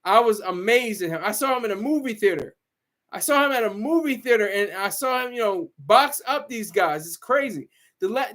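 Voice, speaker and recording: A man's voice: high voice, a bit bright. A man talking in a loose, rambling way, full of restarts and laughter, as a regular on a talk show. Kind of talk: casual rambling chat.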